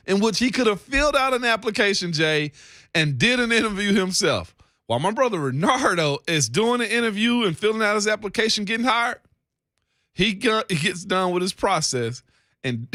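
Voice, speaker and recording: Animated, bright-voiced radio co-host man. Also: sits high, no echo, studio quality. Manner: animated storyteller, laughs often. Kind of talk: casual sports radio banter. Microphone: studio microphone.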